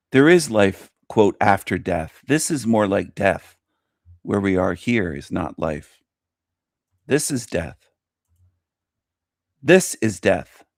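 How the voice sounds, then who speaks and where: A man's voice: fairly low pitch, no room sound, clean studio sound. Scornful man ranting over a video. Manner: scornful, mocking, animated ranting. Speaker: host. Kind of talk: commentary on a played video.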